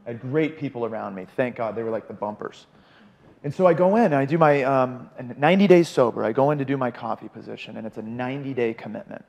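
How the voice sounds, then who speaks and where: A man's voice: medium pitch, fast, creaky, big-room sound, lo-fi sound. A man telling his recovery story in a casual chat, acting out the people he quotes. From Arizona. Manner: animated, quotes people in voices. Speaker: podcast guest in recovery.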